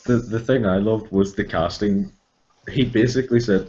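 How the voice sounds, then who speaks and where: A deep-voiced Irish man swaps profane, wry stories in casual chat. His voice sits very low. The call audio is dull and lo-fi. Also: a little fast, a little mellow. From Ireland. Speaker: podcast guest, voice actor.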